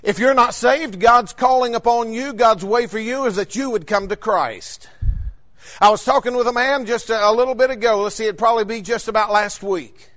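High-voiced preacher man. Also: moderate pace. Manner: fervent, rising to shouts on key points. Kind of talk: sermon with personal storytelling.

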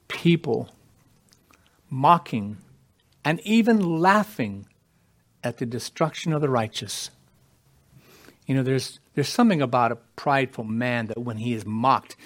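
Slow, fervent male preacher. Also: medium pitch. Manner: fervent, repeats phrases for emphasis. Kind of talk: sermon.

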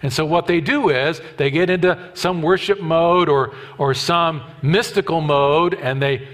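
A man in his fifties preaching a sermon, emphatic and repetitive, swinging from loud declarations to hushed asides. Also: on the high side, unhurried. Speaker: pastor.

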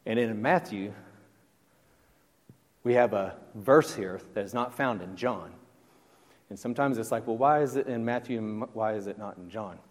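A man's voice: lowish voice, normal speed, long pauses, long reverb tail. A man preaching a sermon as pastor, in a conversational way that keeps asking the congregation questions. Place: church.

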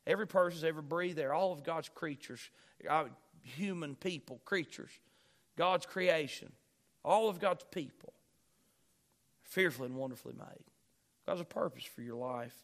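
Man, pastor, sermon, raised voice on key lines, fairly high pitch. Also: normal speed, fairly bright tone. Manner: preaching with rising emphasis, repeating key phrases.

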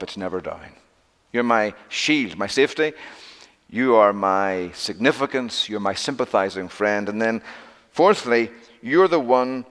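A middle-aged man preaching a sermon, emphatic and repetitive, swinging from loud declarations to hushed near-whispers. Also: medium pitch, long reverb tail.

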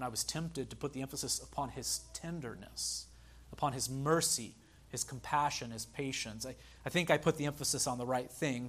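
A man preaching a sermon as pastor, earnest, slowing down to stress key phrases and speaking directly to the congregation. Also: mid-range voice.

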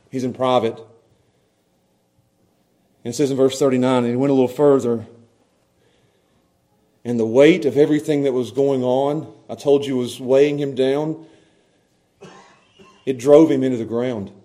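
A middle-aged male pastor preaching a sermon, dropping to hushed low tones and then rising to loud, impassioned cries. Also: steady tone, moderate pace, long pauses.

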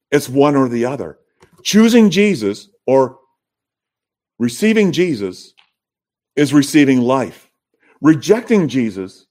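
A man's voice: medium pitch, a little mellow. A man preaching a sermon as pastor, earnest and emphatic, lifting his voice when he acts out the crowds. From Canada.

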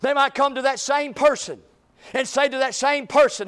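A male pastor preaching a sermon with passion, building to shouts. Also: very high-pitched, normal speed. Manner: impassioned preaching, rising to shouts.

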